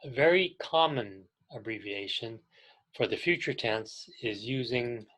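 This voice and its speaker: A man teaching an English grammar class to adult learners, explaining slowly and clearly and pausing so students can repeat after him. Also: mid-range voice, expressive, a bit bright, poor audio. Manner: patient, deliberate, pauses for learners to repeat. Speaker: ESL teacher.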